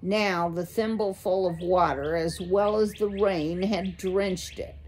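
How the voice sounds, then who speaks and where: A woman slowly reading a children's chapter book aloud to listeners. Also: fairly low pitch, fairly even intonation, darkish tone. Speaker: storyteller.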